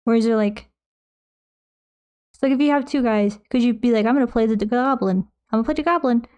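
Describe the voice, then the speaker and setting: Mellow-voiced young woman rambling on stream. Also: a little high, brisk. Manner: rambling, self-mocking, reads chat aloud. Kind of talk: casual chat while painting. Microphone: desk microphone close by.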